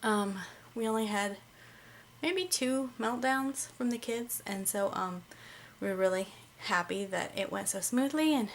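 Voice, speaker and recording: A woman's voice: mid-range voice, measured pace, a little hiss or hum. A woman, a mom vlogger, chatting casually to camera with lots of "um" fillers, a little out of breath. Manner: relaxed and chatty, many "um" fillers.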